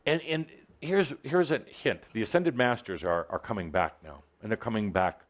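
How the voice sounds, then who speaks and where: Man giving a playful, theatrical spiritual talk. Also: normal speed. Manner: theatrical, playful, teasing, with big swings in pitch. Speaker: spiritual teacher addressing a live audience.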